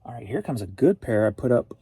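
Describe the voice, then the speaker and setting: A man's voice: mid-range voice, sing-song, fairly quick, warm tone, slight background noise. A man from St. Louis, Missouri, a reseller vlogger chatting casually in a rambling, jokey way. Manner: rambling and jokey, laughs often. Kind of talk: casual chat.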